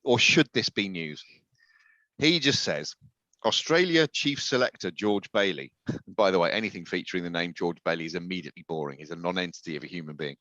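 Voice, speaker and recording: A man's voice: low voice, fast, bright, forceful tone, no room sound. A man co-hosting a casual podcast chat, with a dry, sardonic manner, chuckling as he reads things out. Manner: dry, sardonic, laughs while reading tweets. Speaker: podcast co-host. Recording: dull, muffled dry sound.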